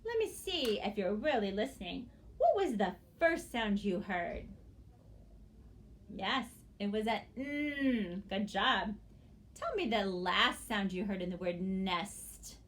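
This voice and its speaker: Slow, lively-voiced woman teaching phonics. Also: medium pitch. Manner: slow, exaggerated sounding-out of words; encouraging praise. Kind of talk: early literacy lesson for young children.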